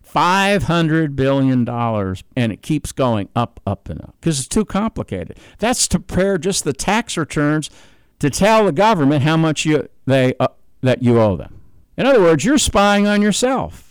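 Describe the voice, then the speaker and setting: A man's voice: a little high, very animated, moderate pace, clean tone, no room sound. An older American man giving an unscripted political monologue, explaining his points emphatically and repeating words for stress.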